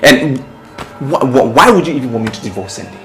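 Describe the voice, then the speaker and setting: A man's voice: medium pitch, expressive, fairly quick, a bit bright, soft background music, natural voice. Guy doing a fed-up nigerian husband stuck in the middle, voice jumps around. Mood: exasperated. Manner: exasperated. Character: harried husband caught between wife and mother.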